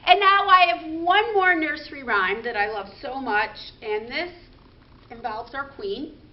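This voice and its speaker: Woman, high animated voice, slow sing-song rhymes for babies, dull lo-fi recording. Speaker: children's librarian. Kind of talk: baby story time, rhymes and songs.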